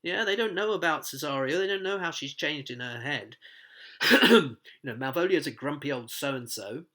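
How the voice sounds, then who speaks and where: A man's voice: a little high, expressive, moderate pace, pushed and bright. A man teaching a play, explaining it line by line in a chatty way, with asides and quoted lines read aloud. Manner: reads quoted lines aloud in voices and sings snatches. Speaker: literature teacher.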